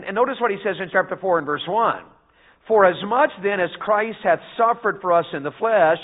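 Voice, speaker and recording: A middle-aged man with a Southern US accent preaching a revival sermon in a church, folksy and calling out to his congregation, preaching in bursts. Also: high voice. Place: church sanctuary. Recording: phone-like narrow band.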